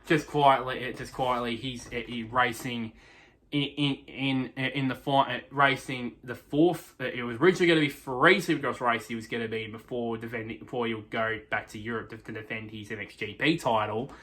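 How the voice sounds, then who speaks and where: A man's voice: medium pitch, fairly even intonation, normal speed, fairly bright tone. A young man giving a casual, rambling race recap full of restarts and fillers. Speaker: motorsport review host.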